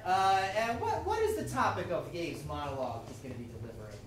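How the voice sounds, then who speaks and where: A woman's voice: on the low side, huge pitch swings, quick pace, a little hiss or hum. A woman hosting an improv show on a comedy club stage, explaining the next game to the audience in an upbeat way with many fillers. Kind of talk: announcing games to an audience. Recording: echoey club from far off.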